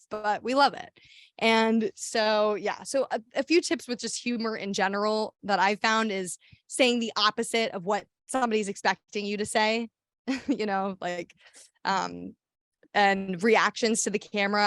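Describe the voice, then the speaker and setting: A woman's voice: mid-range voice, fairly bright tone, no echo, clean studio sound. Chatty, sassy young woman giving a talk. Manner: chatty and sassy, with lots of fillers and restarts. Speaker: activist giving a workshop talk. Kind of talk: casual workshop presentation.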